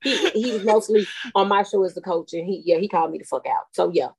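A woman's voice: mid-range voice, quick pace, vocal fry, a little mellow, slightly rough, no room sound. A middle-aged woman, a podcast guest, chatting in a brash, profane, joking way. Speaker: podcast guest and host of her own show. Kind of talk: casual chat.

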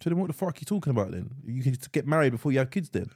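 A man in his thirties co-hosting a casual podcast chat, animated, swearing freely and repeating himself. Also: medium pitch, racing. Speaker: podcast co-host.

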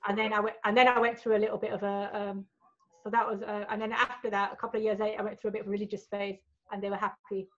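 A woman's voice: mid-range voice, flat delivery, very fast, highs cut off. A woman telling personal stories as a podcast guest, frank and sweary, tagging lines with right and you know. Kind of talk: candid storytelling in a podcast chat.

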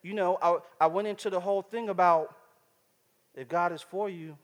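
A man's voice: high voice, steady tone, normal speed, in a large hall. Slangy, conversational man preaching. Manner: casual, slangy, conversational preaching with repeated asides to the crowd. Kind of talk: sermon.

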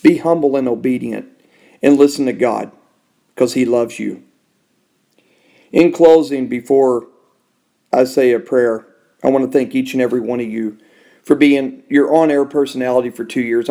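Male podcast host, gravelly voice, emotional studio testimony with big swings in volume and pitch. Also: steady tone, normal speed, pauses often. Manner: emotional, swings from loud and high to soft and hushed. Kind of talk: personal testimony.

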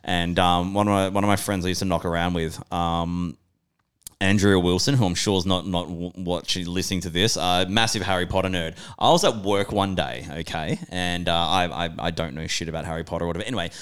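A man's voice: deep voice, steady tone, fairly quick, a bit bright, clean tone. A man co-hosting a casual movie podcast, telling stories in a rambling way with frequent restarts and swearing. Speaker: podcast co-host. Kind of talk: casual chat.

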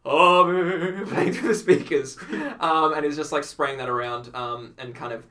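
A man, a podcast guest, telling animated stories in casual chat, acting out quotes and laughing often. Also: fairly high pitch, a little slow.

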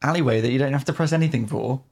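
A man's voice: mid-range voice, racing, a little mellow. A man co-hosting a casual gaming podcast, wry and opinionated, sometimes reading out a review, often laughing. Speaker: podcast co-host. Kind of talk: casual gaming chat, partly read review.

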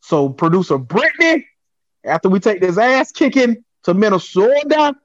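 An excitable man in casual sports chat as a podcast co-host, riffing and animated. His voice sits a little high. The recording is dry and slightly muffled. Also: moderate pace, dry recording.

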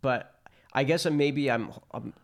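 A man co-hosting a casual podcast chat, giving measured opinions with soft laughs. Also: medium pitch. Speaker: podcast co-host.

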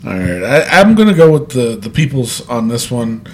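A man co-hosting a podcast in casual chat, often laughing and chiming in with quick agreement. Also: medium pitch, big pitch swings, slight background noise. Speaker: podcast co-host.

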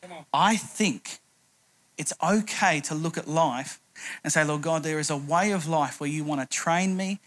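A man's voice: on the high side, normal speed, fairly bright tone. A middle-aged man preaching a sermon, telling a humorous anecdote as a pastor.

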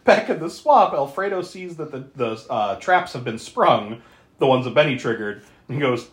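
Animated podcast host recapping a film. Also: medium pitch, normal speed, echoey room. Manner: animated, laughs often, swears casually. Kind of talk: casual movie recap chat.

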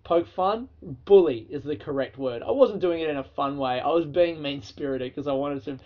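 A man's voice: fairly high pitch, normal speed, highs cut off. An Australian man hosting his own podcast, telling stories in a loose, profane, casual way and laughing through them. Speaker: podcast host. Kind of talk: casual solo storytelling.

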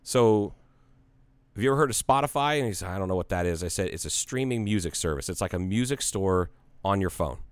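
Man, forty, from Ohio, animated storyteller, lowish voice, smooth and clear, dry close sound. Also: a little fast, no room sound. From Ohio, United States. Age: 40s. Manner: animated storyteller, acts out both sides of a conversation; casual, swears freely. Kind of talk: casual chat, storytelling.

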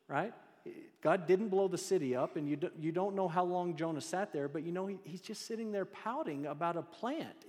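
Male pastor preaching in a reverberant hall. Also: a little high. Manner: conversational, lively storytelling with rhetorical questions. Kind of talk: sermon. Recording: long reverb of a large hall.

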